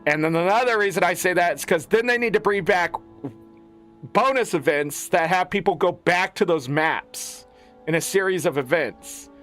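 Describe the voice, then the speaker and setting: A man's voice: sits high, normal speed, a bit bright, soft background music. A man giving a casual, profane, exasperated gaming rant as a content creator.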